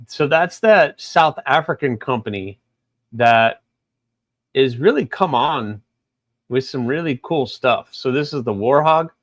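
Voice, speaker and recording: A man co-hosting a live chat, laid-back and halting, often searching for his words. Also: mid-range voice, expressive, a bit bright, no echo. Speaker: co-host and knife sharpener.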